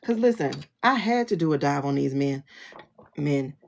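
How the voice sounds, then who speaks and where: A woman's voice: sits low, expressive, moderate pace, gravelly. A woman livestream host, talking in a blunt, sassy rant and laughing often. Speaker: tarot reader and livestream host. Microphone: phone livestream.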